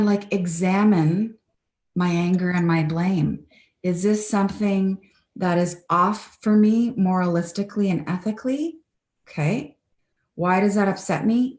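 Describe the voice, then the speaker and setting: A woman's voice: mid-range voice, a little mellow, reverberant. A Canadian woman speaking earnestly and reflectively as an interview guest over a video call.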